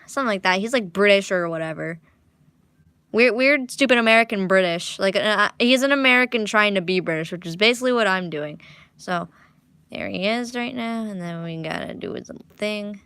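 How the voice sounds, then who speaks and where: A woman's voice: medium pitch, a little fast, bright, forceful tone, clear, resonant tone. A young woman chatting casually at home while drawing, rambling, restarting, and poking fun at herself. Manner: rambling, self-mocking, restarts often. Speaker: art vlogger. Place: living room at home.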